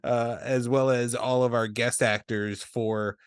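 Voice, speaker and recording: A man in casual podcast talk about a film, relaxed and rambling, often trailing off into quiet asides. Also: medium pitch, measured pace, smooth, dry recording, studio quality. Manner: relaxed, rambling, many fillers and restarts, drops to quieter asides. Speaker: podcast co-host. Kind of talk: casual movie discussion.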